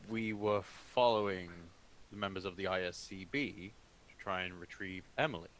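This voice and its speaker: A man's voice: sits low, moderate pace, a bit bright, poor audio. A man playing a tabletop game, earnest and matter-of-fact. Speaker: player. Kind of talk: casual tabletop game play. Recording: faint hiss.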